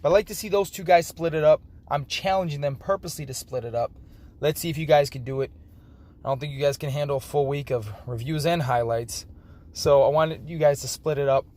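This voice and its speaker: A man previews a fantasy football league late at night, sounding tired, rambling and slightly slurred as he keeps correcting himself in casual commentary. He talks briskly in a somewhat high, slightly mellow voice over a low-quality recording.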